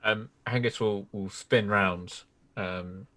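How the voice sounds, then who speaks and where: A low male voice of a tabletop player, explaining his character's actions. He hesitates and restarts his phrases often. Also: steady tone, slow pace, a crowd in the background.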